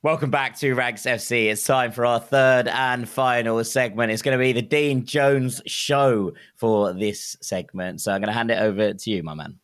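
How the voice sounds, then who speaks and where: A man's voice: mid-range voice, steady tone, moderate pace, few pauses, fairly bright tone, no room sound, studio quality. A man hosting a casual sports podcast, upbeat and often repeating words as he thinks. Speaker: podcast host.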